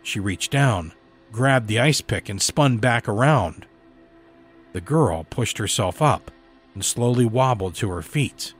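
Husky low-voiced male horror narrator. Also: lively intonation, soft background music. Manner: measured, dramatic storytelling delivery. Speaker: story narrator.

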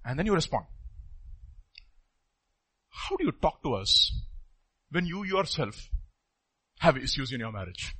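A pastor preaching a sermon emphatically, his voice swinging from loud outbursts to hushed asides. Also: a little high, big pitch swings, a little slow, pauses often, breathy edge.

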